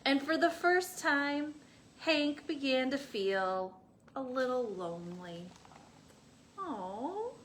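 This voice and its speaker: A young woman, a children's librarian, reading a picture book aloud to young children with an expressive, engaging manner. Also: high voice, slow pace, a little hiss or hum. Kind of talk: children's storytime read-aloud.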